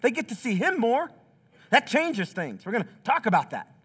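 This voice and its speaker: A man's voice: extremely high pitch, big pitch swings, moderate pace, a bit bright, breathy edge. A pastor preaching a sermon in a church, acting out quotes with big swings in his voice. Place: church sanctuary.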